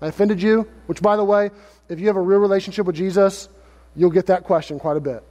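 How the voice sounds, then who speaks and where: Male pastor, expressive sermon delivery, high voice, long church reverb. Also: quick pace. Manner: expressive preaching, acts out quoted lines in lively paraphrase.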